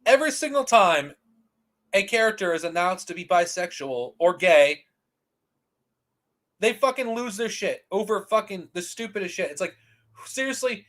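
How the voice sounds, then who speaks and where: On his commentary channel, a man with a high, slightly bright voice launches into a heated, profane rant, animated yet unhurried. He keeps restarting his sentences and fires off the same rhetorical questions again and again.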